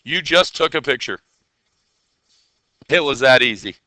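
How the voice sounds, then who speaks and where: A man's voice: mid-range voice, expressive, a little slow, bright, forceful tone, dry recording. A man teaching a classroom coding lesson, asking his students questions and answering them himself.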